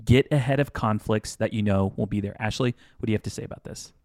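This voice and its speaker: A man's voice: on the low side, fast talker, darkish tone, no room sound, clean studio sound. A man co-hosting a wedding-planning podcast in casual chat, rambling and correcting himself as he spins hypothetical examples. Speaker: podcast co-host.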